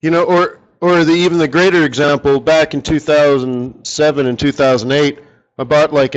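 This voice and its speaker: A man's voice: mid-range voice, lo-fi sound. A man running a live forex strategy session, talking casually and rambling, often asking his audience rhetorical questions.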